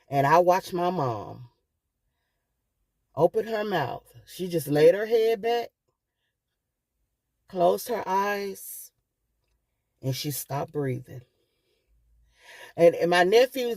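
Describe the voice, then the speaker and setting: A woman's voice: fairly low pitch, a little mellow, no room sound. A middle-aged woman vlogging, telling a personal story with emotion and often calling her viewers "guys".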